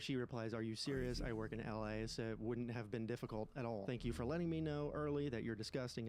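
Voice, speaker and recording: A man's voice: mid-range voice, a little mellow. Male YouTube commentator, dry sarcastic delivery, light background hiss. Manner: sarcastic, reads texts aloud with mock voices. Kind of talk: scripted commentary reading messages.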